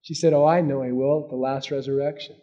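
A man preaching a sermon, swinging between loud emphasis and hushed asides. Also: medium pitch, fairly even intonation, fast, lo-fi sound. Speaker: pastor.

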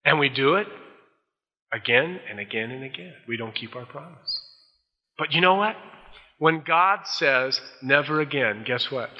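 A man's voice: fairly high pitch, animated, a little slow, pauses often. A male pastor preaching a folksy sermon, acting out the voices he quotes. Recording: dull old sermon tape in a large hall.

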